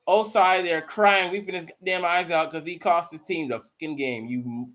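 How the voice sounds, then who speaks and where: Male host, high voice, profane live game commentary, excitable. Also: normal speed, hardly any pauses. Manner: profane, excitable, bursts into mocking shouts. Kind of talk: live watch-party commentary.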